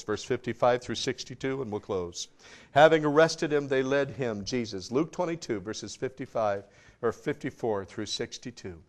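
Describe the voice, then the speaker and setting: Man, preacher, sermon, emphatic, loud-to-hushed swings, dramatic pauses, middle pitch.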